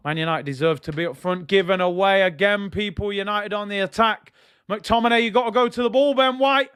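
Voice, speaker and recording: A young man giving excitable, slang-heavy live commentary as he watches a football match, now and then bursting into shouts. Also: high voice, a little fast, clear, resonant tone. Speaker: football fan streamer.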